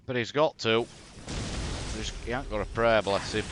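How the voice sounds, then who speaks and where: A man's voice: lowish voice, moderate pace, noisy background. Sweary Yorkshire man commentating a game. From Yorkshire, England. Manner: blunt, sweary, exasperated banter. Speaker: gaming commentator. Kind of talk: casual game replay commentary.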